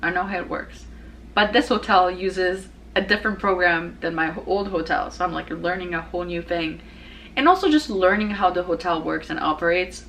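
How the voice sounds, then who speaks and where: A young woman hosting her own show, chatting casually in a rambling way, full of fillers and restarts and quick to laugh. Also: on the low side, vocal fry, a bit bright, slight background noise, low-quality recording. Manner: laughs easily. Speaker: podcast host. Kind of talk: casual personal chat.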